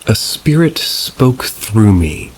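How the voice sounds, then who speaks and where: Male narrator, deep and unhurried, scripted story reading over steady rain. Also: slight background noise, low-quality recording. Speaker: narrator of reader stories.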